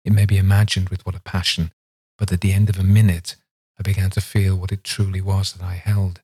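A man, a podcast host, giving a measured, dramatic audiobook reading of a classic novella. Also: sits low, level tone, warm tone, husky, no echo. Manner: measured, dramatic reading that slows for tense passages.

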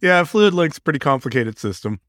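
A man's voice: on the high side, big pitch swings, a little fast, fairly bright tone, no room sound. A man co-hosting a podcast, casually recapping an episode scene by scene and laughing often as he goes. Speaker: podcast co-host.

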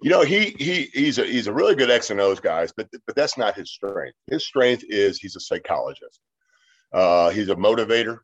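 Man in his 50s, interview guest, low voice, loose storytelling with lots of fillers, slightly dull lo-fi sound. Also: expressive, moderate pace, breathy edge. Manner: rambling anecdotes with many fillers. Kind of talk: casual storytelling.

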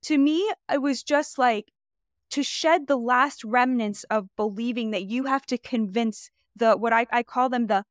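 An American woman in an unscripted podcast conversation, speaking emphatically and circling back to rephrase her thoughts. Her voice sits a little high and comes across smooth and clear, with a dry, close sound. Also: unhurried, dry recording. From United States. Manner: emphatic, searching, restarts sentences mid-thought.

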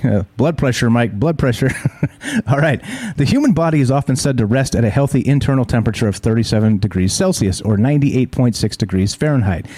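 A man's voice: mid-range voice, dark tone, no room sound. A male host giving heated, profane news commentary full of rhetorical questions.

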